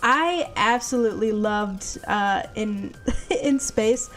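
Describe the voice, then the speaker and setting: A woman's voice: mid-range voice, slow pace, a bit bright, faint music behind. A woman hosting a casual discussion stream, chatting and laughing often between sentences. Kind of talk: casual chat.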